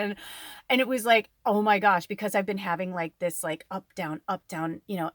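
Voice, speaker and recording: A young woman medium chats to her viewers in a loose, rambling way, full of fillers and asides. Her voice sits in a middle pitch and sounds close and dry, with no room around it. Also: a bit bright, no room sound. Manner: rambling and chatty, many fillers. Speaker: tarot reader and spiritual medium. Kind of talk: casual spiritual talk to viewers.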